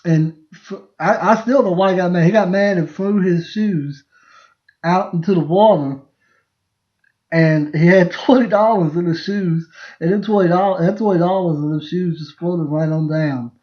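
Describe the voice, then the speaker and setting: On a casual live stream, a podcast host speaks in a high voice at a moderate pace. His family stories are rambling and punctuated by laughter, with sentences often restarted, and the recording sounds dull and lo-fi.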